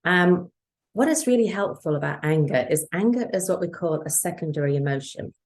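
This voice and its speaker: A woman's voice: lowish voice, lively intonation, brisk, a little mellow. A woman guest in an interview, talking earnestly about parenting and acting out quoted dialogue. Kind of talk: conversational interview.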